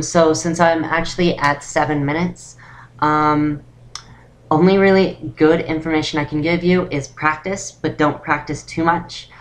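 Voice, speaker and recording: A young woman talks through a beginner voice-training tutorial in a loose, rambling way. She leans on "um" and "actually" constantly, and her voice sits fairly low for a woman. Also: a little hiss or hum. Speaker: voice training vlogger.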